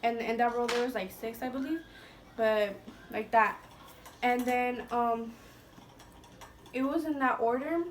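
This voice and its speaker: A woman's voice: fairly high pitch, fairly even intonation, measured pace, pauses often, slight background noise. A young woman vlogger chatting through a storytime, swearing freely, leaning on "like" and dropping Spanish slang. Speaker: beauty vlogger telling a story. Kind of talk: casual storytime monologue. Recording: voice a bit distant from the mic.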